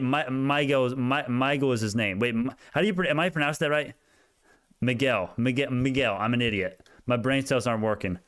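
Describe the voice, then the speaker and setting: An excitable young man runs through stock charts in casual, rambling commentary and keeps drifting onto tangents. His voice is smooth and clear. It sits at an ordinary middle pitch, recorded dry and close. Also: no room sound. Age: young adult. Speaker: stock market YouTuber.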